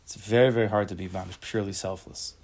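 A man teaches a casual Torah class, reading a text and then explaining it in plain words. His voice is gravelly and a little husky. He acts out angry everyday voices and keeps putting questions to the class. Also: lowish voice, steady tone, quick pace, a little mellow.

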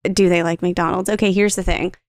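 A woman's voice: fairly low pitch, flat delivery, fairly quick, dry recording, studio quality. A woman in her thirties co-hosting a podcast, chatting casually and acting out her kids' voices in her stories. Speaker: podcast co-host. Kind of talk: casual storytelling chat.

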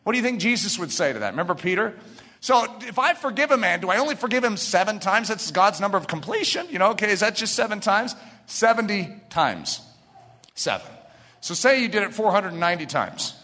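A man delivers a sermon in a high, ringing voice. His pitch leaps and falls with feeling, and he pushes hard into fervent shouts. The sound carries a long reverb, like a large hall. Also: sing-song, brisk. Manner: impassioned preaching, building to shouts. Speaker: preacher.

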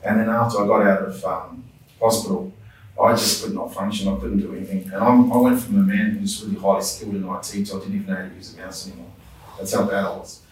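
Guy telling his faith story, sincere, kinda low voice, lots of room echo. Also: level tone, fast. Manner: earnest, heartfelt storytelling with restarts. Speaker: guest sharing testimony. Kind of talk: personal faith testimony, conversational. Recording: roomy echo, distant mic.

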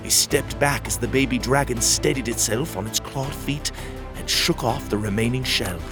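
A man narrating a children's audio story, with expressive storytelling. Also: normal speed, over music. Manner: expressive storytelling with lively pitch.

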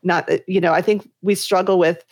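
A woman's voice: fairly low pitch, fairly even intonation, normal speed, dry recording, clean studio sound. A woman speaking thoughtfully and reflectively in a podcast conversation.

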